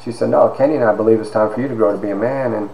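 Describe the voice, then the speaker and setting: Middle-aged man, low voice, storytelling testimony in a reverberant room. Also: racing, creaky, slight background noise. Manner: storytelling, quotes people in quiet asides. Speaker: speaker giving a testimony. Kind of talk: personal testimony talk.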